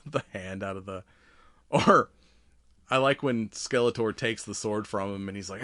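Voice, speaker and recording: A man's voice: medium pitch, normal speed, a bit bright, no echo, clean studio sound. A man in his forties co-hosting a podcast in casual chat, laughing often and acting out movie lines in silly voices. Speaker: podcast co-host.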